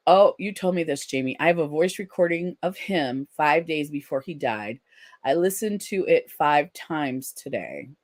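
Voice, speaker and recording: A live-stream host with a medium-pitched voice reads viewer comments aloud in a casual chat, responding gently and supportively, with lots of ums and restarts.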